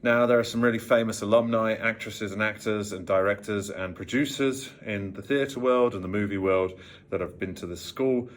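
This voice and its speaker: A British man with a very low voice and a neutral, trained accent, explaining voice work in a measured, carefully articulated way. He sounds a little tired, with a touch of vocal fry in his delivery. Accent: trained neutral British English. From Worcestershire, England. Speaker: voice coach. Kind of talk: talking-head vocal lesson.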